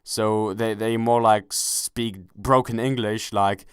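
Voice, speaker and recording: A man's voice: on the low side, steady tone, takes it slowly, smooth, no echo, clean studio sound. A young man giving casual gameplay commentary, rambling and self-correcting, swearing casually and joking as he goes. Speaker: gaming commentator. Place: at home, kneeling without a chair.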